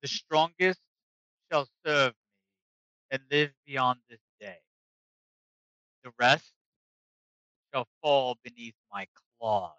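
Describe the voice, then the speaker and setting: Man doing haughty old dragon for a tabletop game, slow, commanding, bright crisp tone, muffled dry mic. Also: mid-range voice, expressive, no echo. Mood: imperious. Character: ancient male dragon, haughty and menacing.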